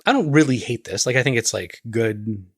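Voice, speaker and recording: A man talks in easy podcast chat, his voice gravelly with a husky edge. He stumbles and restarts his words as he gets worked up. The sound is close and dry. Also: mid-range voice, lively intonation, fairly quick, dry recording. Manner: stammers and restarts while ranting. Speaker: podcast co-host. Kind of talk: casual chat.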